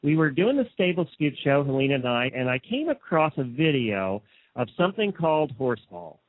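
Chatty, enthusiastic radio host, phone-like sound. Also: male voice, mid-range voice, sing-song, a little fast, a little hiss or hum. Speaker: show host. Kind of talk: casual radio interview. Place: Lexington area, United States. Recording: dry, phone-like narrow sound.

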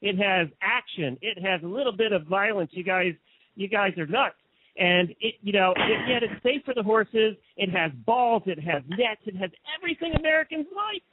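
A man's voice: high voice, animated, normal speed, husky, no echo. A man hosting a casual radio interview, chatty and enthusiastic as he tells stories. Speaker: show host. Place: Lexington area, United States. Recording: dry, phone-like narrow sound.

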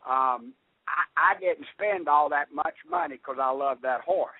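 An older man with a Southern American accent, calling in to a radio show and chatting in a folksy, halting way. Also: a little high, dry recording. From Southern United States. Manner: folksy, halting, with many restarts. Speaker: caller. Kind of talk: casual call-in chat. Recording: tinny phone line.

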